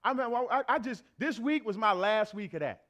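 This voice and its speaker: A man's voice: sits high, expressive, normal speed, a bit bright. A man preaching a sermon to a church congregation, conversational and emphatic, repeating his phrases for effect. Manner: conversational, acts out everyday exchanges.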